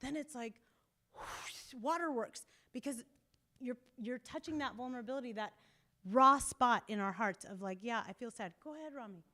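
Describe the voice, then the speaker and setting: A woman couples therapist talks to a group at a church meeting. She is animated and emphatic, acts out quotes and laughs now and then. Her voice sits a little high. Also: brisk. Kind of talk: casual talk to a group.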